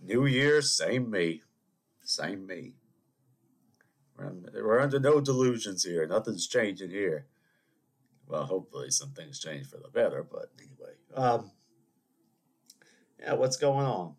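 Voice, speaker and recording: A man with a slightly low voice hosts a solo podcast, sniffling through a cold. He chats loosely with his listeners and wanders into digressions and jokey asides. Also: expressive, normal speed, long pauses, darkish tone, slightly rough. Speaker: podcast host. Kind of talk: rambling solo podcast monologue.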